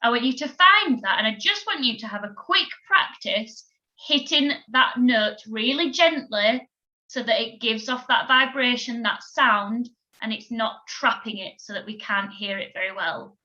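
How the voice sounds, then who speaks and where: Woman music teacher, bright voice, fairly high, encouraging, counts beats aloud, dull lo-fi audio. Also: unhurried. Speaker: primary school music teacher. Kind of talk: recorded music lesson for children.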